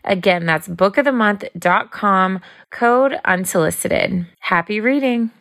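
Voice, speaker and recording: A woman's voice: mid-range voice, measured pace, vocal fry, a bit bright. A young adult woman co-hosting a podcast, chatty and giggly, full of filler words. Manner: chatty, giggly, uses like a lot. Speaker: podcast co-host. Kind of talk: casual podcast chat with ad read.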